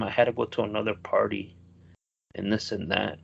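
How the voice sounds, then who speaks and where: A man's voice: fairly low pitch, brisk, vocal fry, a bit bright, slight background noise, low-quality recording. A man co-hosting a podcast, telling a long rambling story in casual chat and swearing freely. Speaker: podcast co-host.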